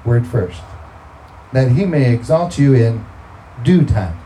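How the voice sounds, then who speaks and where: Man, preacher, mellow tone, chatty sermon, scripture quotes, faint noise behind. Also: medium pitch, lively intonation, takes it slowly, low-quality recording. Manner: conversational, quoting scripture, rising to emphatic bursts.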